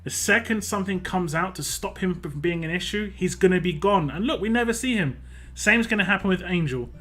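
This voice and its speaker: Bright-voiced man streaming. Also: sits high, lively intonation, brisk. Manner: chatty, reads comments aloud in a playful sing-song. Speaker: game streamer. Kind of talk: casual live-stream commentary reading chat.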